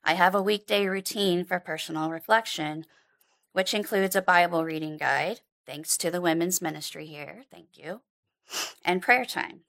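Low gravelly woman reading a testimony. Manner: calm, devotional, measured reading. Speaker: church member reading a personal reflection. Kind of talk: read personal testimony.

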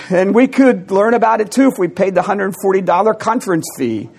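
A man's voice: sits high, animated, fairly quick, creaky, hardly any pauses, a little mellow, breathy edge. A man preaching a teaching sermon, with wry asides and bursts of amusement. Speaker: pastor.

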